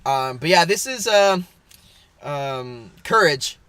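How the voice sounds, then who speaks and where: A young man chats as a podcast co-host, his voice high and swinging widely in pitch. He rambles with fillers and restarts and breaks into laughter often, and his tone is bright. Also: animated, slow, smooth, dry recording. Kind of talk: casual chat.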